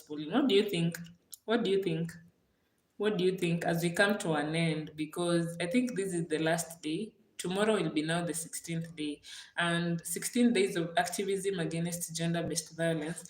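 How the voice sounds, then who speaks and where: A woman's voice: fairly low pitch, reverberant. A young Kenyan woman with a Kenyan accent hosts a casual live stream, reading viewer comments aloud and thanking each person by name.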